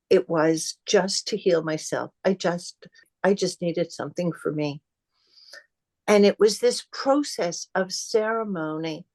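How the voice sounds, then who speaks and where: Middle-aged woman telling her story. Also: fairly low pitch. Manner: animated, acts out quoted dialogue. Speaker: podcast guest. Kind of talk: casual conversational storytelling.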